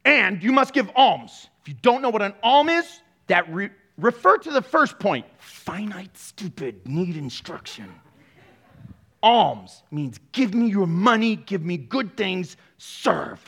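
A man's voice: sits high, sing-song, slow pace, vocal fry, fairly bright tone, husky. A man pastor giving a sermon, joking, laughing often and throwing sarcastic asides to the congregation.

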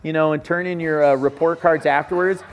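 A man's voice: a little high, steady tone, brisk. A man preaching a sermon as pastor, telling stories and acting out conversations. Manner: storytelling, acts out conversations.

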